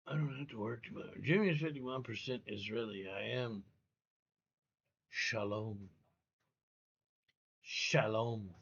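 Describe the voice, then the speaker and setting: A man's voice: medium pitch, takes it slowly, creaky, long pauses, fairly bright tone, muffled recording, slight background noise. A man ranting live on a stream, blunt, heated and profane. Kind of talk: live reaction rant.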